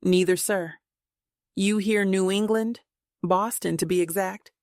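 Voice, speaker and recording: A courteous, cheerful male chauffeur in a storybook thriller, read out by a woman. His voice is slightly gravelly and close to the mic. The room gives it no echo. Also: mid-range voice, fairly even intonation, unhurried, a little mellow, natural voice. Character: polite male limo driver from Boston.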